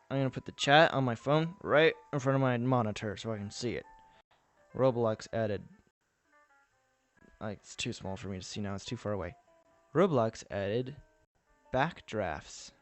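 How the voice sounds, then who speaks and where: A man with a light Texan accent talks through his work on a live stream, wandering from thought to thought and greeting viewers as they arrive. His voice comes through clean and smooth, close and dry, with faint music somewhere behind him. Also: mid-range voice, no room sound. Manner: rambling, thinking aloud, chatting to viewers. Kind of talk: casual live-stream commentary while building.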